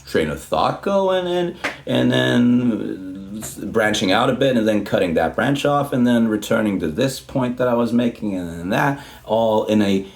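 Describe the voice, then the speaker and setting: A man's voice: fairly low pitch, animated, normal speed, slight background noise. A man speaking English as a non-native language, delivering a long, unedited, profane and tangential rant straight to camera. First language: not English. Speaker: YouTuber. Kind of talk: unscripted ranting monologue.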